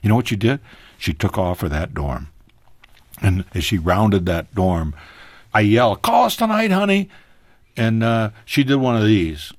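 A man telling a personal story as a guest on a radio talk show, animated, his voice leaping higher at emotional moments. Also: no room sound, studio quality. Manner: animated, pitch jumping high in emotional moments.

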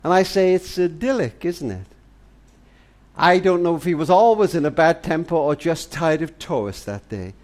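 Speaking briskly with few pauses, an older man uses a slightly high voice with a darkish tone. As a family charity speaker, he offers a heartfelt, tender and earnest monologue in a grandfatherly way, as if to his granddaughter.

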